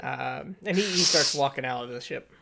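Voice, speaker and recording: A man narrating a tabletop game as game master, casual and halting. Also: medium pitch, creaky, very noisy. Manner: casual, halting, many fillers.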